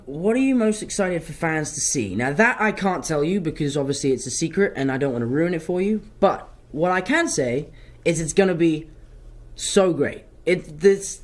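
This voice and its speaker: A man's voice: on the high side, normal speed. A young man, an actor answering fan questions in a casual live Q&A, telling stories with self-mocking asides. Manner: animated, chatty storytelling, self-mocking asides.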